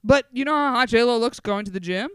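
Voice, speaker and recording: A woman, co-hosting a podcast and telling animated, profane, self-mocking stories in casual chat. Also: fairly high pitch, quick pace, clean tone, no echo. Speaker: podcast co-host.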